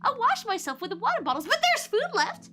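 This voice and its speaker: A woman's voice: very high-pitched, big pitch swings, a little fast, bright, forceful tone, faint music behind, pitched above the performer's own voice, exaggerated voice. A woman voicing a ditzy, carefree, self-absorbed young woman in an airy, sing-song manner.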